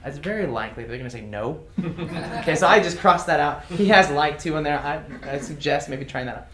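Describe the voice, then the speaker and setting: A man's voice: on the high side, expressive, a little fast, a crowd in the background. A man teaching a casual class, reading example phrases aloud and chuckling often. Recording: echoey room with faint noise.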